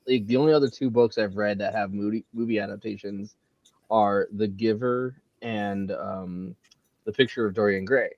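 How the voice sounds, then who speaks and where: A man talking eagerly in a casual book discussion, chatty and animated. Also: on the low side, moderate pace, dry recording, muffled recording. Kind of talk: casual book club chat.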